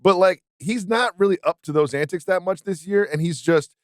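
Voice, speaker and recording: A man's voice: high voice, brisk, no echo, clean studio sound. A man co-hosting a sports podcast, talking casually with jokes and self-deprecating laughs. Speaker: podcast co-host.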